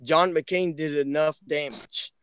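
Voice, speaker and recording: A man's voice: fairly high pitch, slow, fairly bright tone. Earnest man urging his listeners. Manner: earnest, urging, restarts often. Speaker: guest. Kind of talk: casual political chat.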